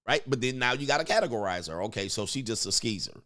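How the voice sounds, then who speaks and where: A man's voice: medium pitch, lively intonation, quick pace, fairly bright tone. A man hosting a casual reaction commentary, crude and joking, often mimicking other people's voices. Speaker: commentary show host.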